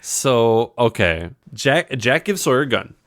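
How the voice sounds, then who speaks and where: A man's voice: mid-range voice, big pitch swings, measured pace, fairly bright tone. A man co-hosting a podcast, retelling scenes with enthusiastic reactions in casual chat. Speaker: podcast co-host.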